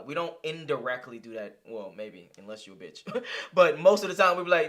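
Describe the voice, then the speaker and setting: A young man reacting to a clip in blunt, profane, heated casual commentary. His voice is bright and forceful and sits a little high. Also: lively intonation, normal speed. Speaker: reaction streamer.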